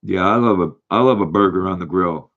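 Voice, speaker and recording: An older man, hosting a casual livestream, rambling and halting as he reads viewer comments aloud. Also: sits low, lo-fi sound. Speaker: livestream host reading chat.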